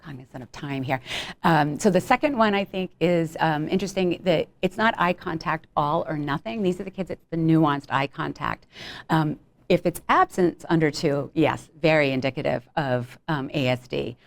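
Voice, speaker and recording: A woman with a notably low voice gives a clinical lecture to colleagues. She speaks conversationally, with frequent ums, and slips into short acted-out examples. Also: normal speed, gravelly. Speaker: pediatric behavioral health clinician presenting.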